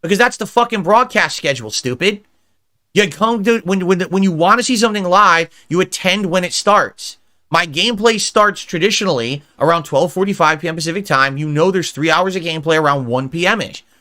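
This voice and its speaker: A man's voice: high voice, fairly quick, bright, forceful tone. A middle-aged man on a livestream, reading viewer suggestions aloud and answering them in an irritated, mocking rant. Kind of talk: livestream commentary.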